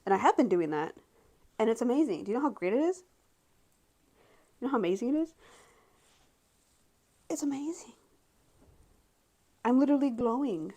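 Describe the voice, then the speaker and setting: A woman's voice: a little high, expressive, fast talker, pauses often, mellow. Twenties woman, casual home vlog to camera; rambling, frank, filler-heavy delivery. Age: 20s. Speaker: vlogger.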